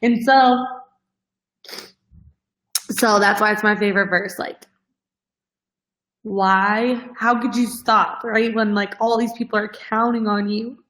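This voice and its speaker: A woman host talks straight to her followers in a casual, heartfelt way. She is earnest and emotional, close to tears at moments, and her speech is full of fillers. Her pitch is in the middle range for a woman. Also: steady tone, slow, long pauses, a bit bright, rough recording. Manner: earnest, heavy use of "like" as filler. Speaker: host of a fitness coaching show.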